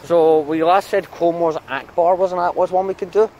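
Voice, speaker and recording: A man's voice: high-pitched, steady tone, moderate pace, a little mellow, slight background noise. A man vlogging outdoors in town, chatting casually and ranting with heavy swearing. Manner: angry swearing rant. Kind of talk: casual vlog chat.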